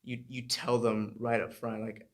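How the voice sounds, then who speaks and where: A man's voice: medium pitch, little pitch movement, unhurried. A man hosting a podcast in casual conversation, joking and laughing often and rephrasing his questions as he goes. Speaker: podcast host.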